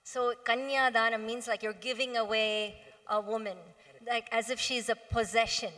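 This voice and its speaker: A woman moderating a panel Q and A, asking her question in a clear, measured way. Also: fairly high pitch, fairly even intonation, bright, forceful tone. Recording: long reverb of a hall.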